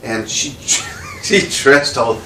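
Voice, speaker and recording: Male interview guest, mid-pitched, animated storyteller who acts out his quotes; roomy echo, off-mic, faint hiss. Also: drawn-out words, distant mic. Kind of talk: casual anecdote telling. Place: indoor room with a window.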